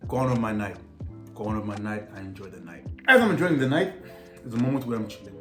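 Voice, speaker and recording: A young South African man telling a personal story to camera in a casual, animated way, heavy on slang and repeated phrases. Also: medium pitch, quick pace. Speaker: storytelling vlogger. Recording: roomy echo with faint music.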